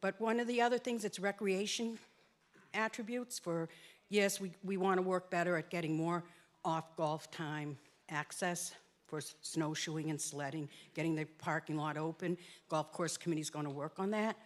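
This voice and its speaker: A woman's voice: lowish voice, steady tone, moderate pace. A woman on a town open space commission giving an earnest public comment at a town meeting, her voice a little shaky with emotion.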